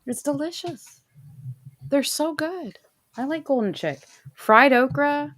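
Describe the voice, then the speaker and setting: A woman's voice: sits high, expressive, slow, fairly bright tone. Chatty, giggly woman. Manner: giggly, chatty, acts out quotes. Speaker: co-host. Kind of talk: casual chat.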